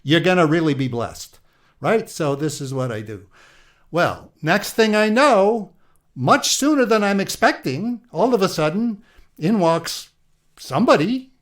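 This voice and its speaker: In a comedic improvised interview, a man plays Isaac, the aging, aggrieved patriarch, telling his story in Yiddish-inflected English with old-world exclamations. His high-pitched voice is expressive and measured in pace.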